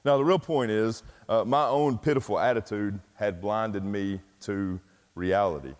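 This middle-aged man has a lowish voice and talks a little slowly. He's a pastor from East Tennessee, US, sharing a self-deprecating tale in a folksy, filler-heavy sermon, and the large hall adds long reverb.

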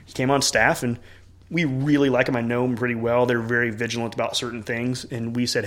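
A man's voice: medium pitch, level tone, fairly quick, a bit bright. A man who is a church leader and parent, talking earnestly in a casual podcast conversation and acting out quoted dialogue.

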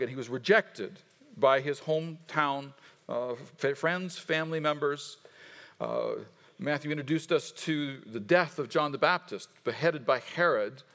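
A man's voice: a little high, fairly bright tone. A man preaching a sermon as pastor, reading scripture and having the congregation repeat lines back, in a conversational, unpolished way. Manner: leads the congregation in call-and-response repetition; conversational, with fillers and restarts. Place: church sanctuary. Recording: long hall reverb.

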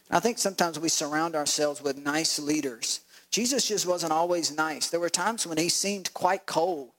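A man preaching a sermon as pastor, telling animated stories with laughs and acted-out voices. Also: fairly high pitch, fast talker, rough recording.

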